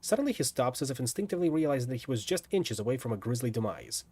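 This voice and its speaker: Male streamer reading a story game aloud, lively delivery with playful asides. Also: medium pitch, very fast, slightly rough. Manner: lively, lightly dramatic narration with asides. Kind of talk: reading a visual novel aloud.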